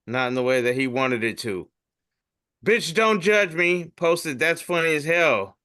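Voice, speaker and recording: Male comedian host, higher-pitched, bright tone; loose, profane meme reading. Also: expressive, a little slow. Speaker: podcast host reading memes.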